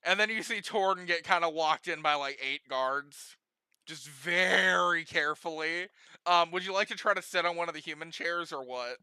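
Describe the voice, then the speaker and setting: A man's voice: a little high, normal speed, sharp tone, clear, resonant tone, dry recording. A young man running a homebrew tabletop game as game master, giggly and rambling with many restarts.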